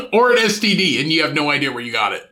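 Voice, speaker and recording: A man's voice: on the high side, big pitch swings, fast, sharp tone. A man co-hosting a podcast in crude casual chat, dropping dry, teasing wisecracks. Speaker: podcast co-host.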